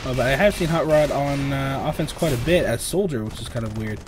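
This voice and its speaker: A young esports caster with a sore throat gives solo play-by-play of a video game match, rambling and filler-heavy, often clearing his throat and lifting and speeding up on big plays. His voice is mid-range and a little fast, with a noisy background.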